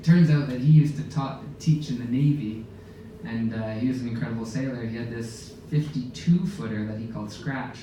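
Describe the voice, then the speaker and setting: Man, animated storytelling, laughs often, caught from across the room on a phone, big reverberant space, faint hum behind. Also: mid-range voice, moderate pace. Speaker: guest speaker telling a sailing story. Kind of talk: casual storytelling to a live audience. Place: lounge aboard a ship, indoors. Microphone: phone camera in the audience. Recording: very echoey room, distant mic, faint background noise.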